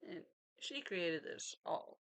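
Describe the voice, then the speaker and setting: A woman's voice: slow, fairly bright tone. A woman chatting casually at her craft desk at home, rambling and laughing often as she unpacks a parcel. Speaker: vlogger. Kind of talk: casual chat.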